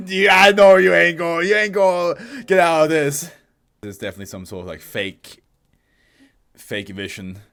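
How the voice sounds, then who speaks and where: A man reacting out loud to an anime episode, laughing, swearing and talking back to the screen. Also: a little high, moderate pace, vocal fry. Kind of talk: casual reaction commentary.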